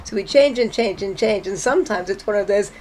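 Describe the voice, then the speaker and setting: A woman's voice: medium pitch, brisk, a little mellow, a little hiss or hum. A woman psychotherapist speaking as a podcast guest in a reflective way, often repeating words as she thinks. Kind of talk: casual chat.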